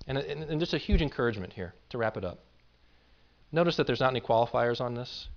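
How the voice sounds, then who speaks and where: A man's voice: mid-range voice, expressive, fast, vocal fry, dull audio. A man pastoring a church, preaching a conversational sermon in an earnest, informal way and often repeating words as he builds a point.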